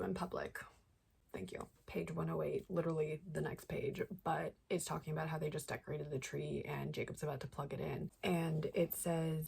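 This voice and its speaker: A young woman vlogging about a book she is reading, retelling the plot in chatty, animated talk full of "like" and strong reactions. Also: on the low side, fairly quick, gravelly, a little hiss or hum. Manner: chatty, heavy use of "like", reacts with feeling. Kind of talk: casual book review chat.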